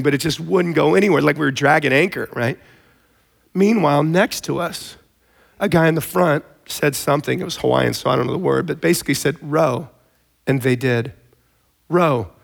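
A man preaching a sermon in a conversational, storytelling way, with animated emphasis. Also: fairly high pitch, gravelly. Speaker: pastor.

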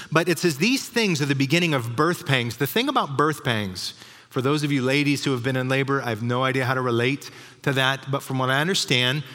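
Man, pastor, conversational sermon, chatty asides, mid pitch, long hall reverb. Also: a bit bright.

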